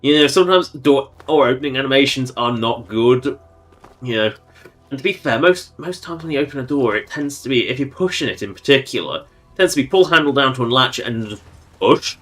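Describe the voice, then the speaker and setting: A man chatting his way through a game on a livestream, playful and rambling, often giggling at himself. His voice sits at an ordinary pitch, with faint music running behind. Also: lively intonation, a little fast, a bit bright. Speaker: streamer. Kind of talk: casual gameplay commentary.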